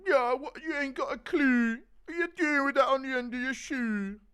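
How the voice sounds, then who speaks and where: A man doing a loud, high-pitched, mocking impression of a swaggering male rapper. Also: normal speed, smooth.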